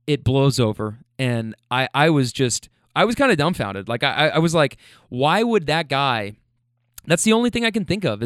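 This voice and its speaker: A man's voice: medium pitch, fairly bright tone, clear, resonant tone, no echo, studio quality. A young man animatedly retelling a bar confrontation in a casual, profane monologue, full of restarts and heated quoted lines. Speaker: storyteller.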